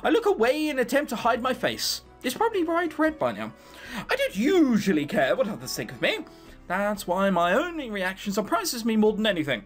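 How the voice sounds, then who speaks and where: A man's voice: high-pitched, huge pitch swings, fairly quick, soft background music. A man reading the lines of a self-serious teenage boy narrator in a visual novel, melodramatic and self-conscious. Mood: earnest.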